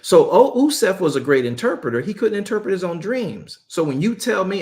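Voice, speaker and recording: A man's voice: sits high, a little fast. A man leading a Bible study as its apostle, joking with his group, often repeating and restarting his phrases. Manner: joking, animated, talks straight to the group. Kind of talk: casual Bible study teaching.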